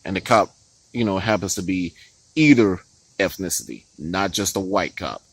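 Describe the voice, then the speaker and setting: Man, heated profane commentary, swooping animated pitch, dry close sound. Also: normal speed, breathy edge, no room sound, rough recording. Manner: profane, heated, with frequent laughs and restarts. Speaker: political commentary vlogger. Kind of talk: ranting political commentary.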